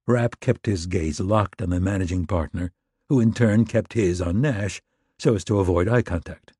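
A man narrating a thriller audiobook in a steady, measured, understated read. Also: deep voice, slightly rough, no echo, clean studio sound.

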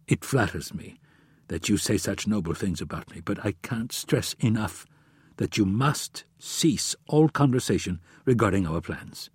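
A man voicing a careful, serious adult plotter in an audiobook, speaking in measured, earnest tones. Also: fairly low pitch, lively intonation, husky, dry recording, clean studio sound, full character voice.

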